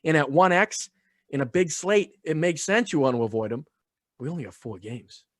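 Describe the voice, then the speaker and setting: A man co-hosting a sports podcast, joking and talking with crude, animated banter. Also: fairly high pitch, moderate pace, no echo. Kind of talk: casual sports analysis chat.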